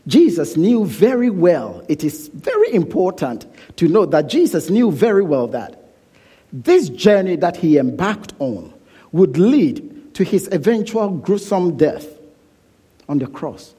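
A preacher delivers his sermon at an unhurried pace, his voice husky and mellow. His pitch moves freely as he stresses key points and repeats phrases for weight. In prayer he sinks to a quiet hush. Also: very animated. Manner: soft, hushed prayer.

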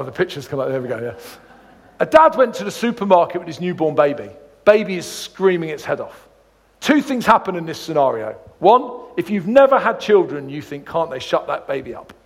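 A man's voice: sits high, in a large hall. A man giving a sermon as a guest preacher, telling funny stories between points of scripture. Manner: jokey, storytelling, animated asides. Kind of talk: sermon with humorous anecdotes.

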